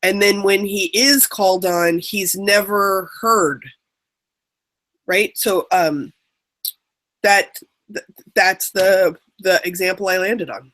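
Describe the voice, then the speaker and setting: A woman's voice: medium pitch, slow, long pauses, fairly bright tone. Woman panelist, candid self-reflective storyteller, mid-range voice. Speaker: trainer sharing a story on a panel. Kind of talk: personal story in a webinar panel.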